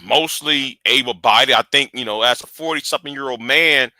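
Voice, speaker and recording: This is a man in his early forties who rambles casually to his viewers from home, repeating words as he goes. His voice has a very bright tone. The sound is dry and close, with almost no room echo. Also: mid-range voice, a little fast. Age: early 40s. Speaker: channel host. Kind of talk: casual livestream chat with viewers.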